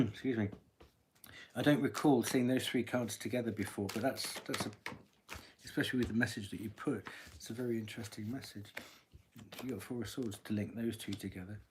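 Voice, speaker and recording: A man's voice: medium pitch, animated, normal speed, pauses often, a little hiss or hum. Man musing aloud over tarot cards. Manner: musing aloud while drawing cards, frequent throat-clearing. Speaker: tarot reader. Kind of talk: live-stream tarot reading.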